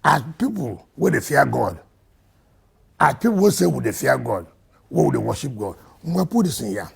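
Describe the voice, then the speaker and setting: A man with a Nigerian accent, a state governor answering interview questions emphatically, swinging between loud and quiet. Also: mid-range voice, sing-song, moderate pace, gravelly, husky.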